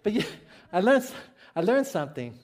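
A man's voice: sits high, very animated, normal speed, a little mellow. A man from Hawaii with a Hawaiian accent, a pastor preaching a sermon in a storytelling way, often asking the congregation questions and laughing at his own jokes.

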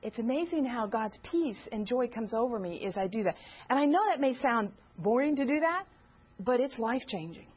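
A woman speaks to a church gathering in a high, light voice, earnest and personal. She often turns to the listeners with direct questions. The sound is a little dull and muffled, lacking top end. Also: lively intonation, brisk, husky. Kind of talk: informal teaching talk.

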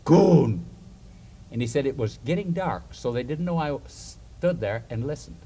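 Husky, animated male preacher telling stories. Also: mid-range voice, normal speed. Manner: animated storyteller, chuckles between points, asks the listeners questions. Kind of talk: storytelling sermon.

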